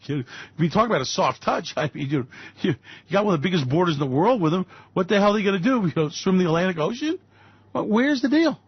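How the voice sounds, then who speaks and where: A man rants through sarcastic, profane market commentary, his husky voice swinging high and wide as he mocks each claim. It sounds dull and lo-fi, dry and close. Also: no room sound. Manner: sarcastic, mocking, profane, repeats "Really?". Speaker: financial commentary host. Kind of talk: ranting political-economic commentary.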